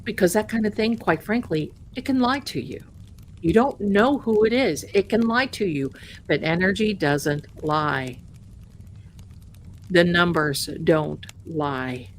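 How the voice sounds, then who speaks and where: A woman's voice: lowish voice, expressive, takes it slowly, slight background noise. A woman hosting a tarot live stream in casual chat, rambling and greeting viewers as "my darling.".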